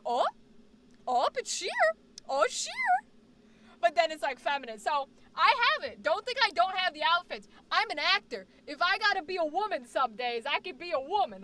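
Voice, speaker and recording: A woman's voice: very high voice, a little hiss or hum. A woman streamer and actor chatting casually and rambling jokily to her viewers. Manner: animated, rambling, jokey. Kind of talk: casual live-stream chat.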